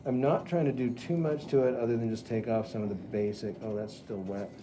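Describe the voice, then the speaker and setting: A man's voice: mid-range voice, steady tone, fairly quick, background noise. A middle-aged man teaching pottery at the wheel, chatty and talking students through each step. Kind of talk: live wheel-throwing demonstration.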